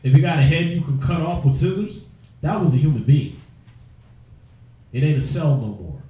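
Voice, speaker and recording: A man teaching scripture in loose, profane street talk, blunt and openly mocking. His voice sits a bit high with a mellow, dark tone. It rings in a heavily echoing room. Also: lively intonation, moderate pace. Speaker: teacher of a religious group. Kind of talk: preaching in casual street talk. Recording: very echoey room.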